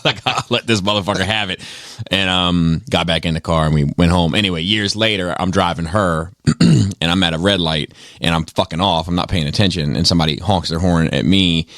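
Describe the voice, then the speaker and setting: A man with a low, deep voice tells stories on a podcast, loose and profane, breaking into laughter often. The sound is close and dry, with no room around it. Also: fairly quick, hardly any pauses, no echo. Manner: profane, animated storytelling with lots of laughter. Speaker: podcast co-host. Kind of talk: casual storytelling chat.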